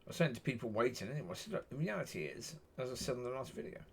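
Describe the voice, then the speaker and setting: A man talking straight to camera in a loose, rambling monologue. His voice is husky, and his pitch swings widely as he circles back over the same points. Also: sing-song, racing. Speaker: vlogger.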